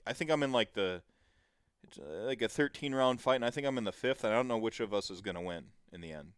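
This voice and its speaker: A man's voice: fairly low pitch, animated, fast, smooth, no room sound, studio quality. A man in his thirties hosting a casual podcast chat, rambling with plenty of fillers and the odd swear word. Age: 30s. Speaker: podcast host.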